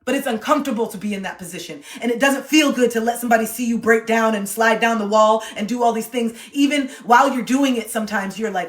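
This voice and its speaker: A woman's voice: on the high side, fast, hardly any pauses, reverberant. A woman giving relationship advice on a livestream, talking emphatically and repeating her points. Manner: emphatic, repetitive, acts out quoted voices.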